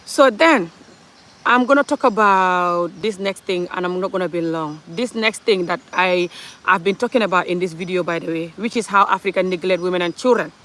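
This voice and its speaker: A woman's voice: fairly low pitch, normal speed, a bit bright. A woman from Gambia, passionately ranting in an opinionated social commentary monologue, full of rhetorical questions. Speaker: commentary vlogger.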